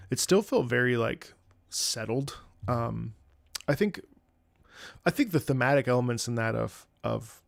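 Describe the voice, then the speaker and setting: Tired, gravelly-voiced man streaming. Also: mid-range voice, a little mellow, dry recording, studio quality. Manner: rambling, reflective, many restarts. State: tired voice from travel. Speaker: streamer reacting to game music. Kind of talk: casual live-stream commentary.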